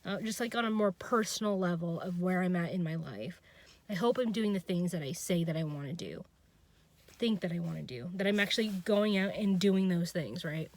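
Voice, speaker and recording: A young woman venting her frustration in an unscripted personal vlog, halting and restarting, trailing off and laughing at herself. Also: on the low side, expressive, a little mellow. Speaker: vlogger.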